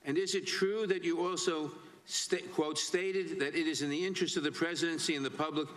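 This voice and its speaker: A man chairing a hearing, asking measured, formal questions and reading out quotations. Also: fairly high pitch, fairly even intonation, fairly bright tone. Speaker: committee chairman. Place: hearing room.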